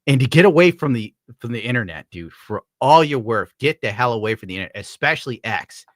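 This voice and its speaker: A man's voice: mid-range voice, expressive, quick pace, no echo, clean studio sound. A man streaming live, reading out donations in a rambling, profane, joking way. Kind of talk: casual live-stream chat.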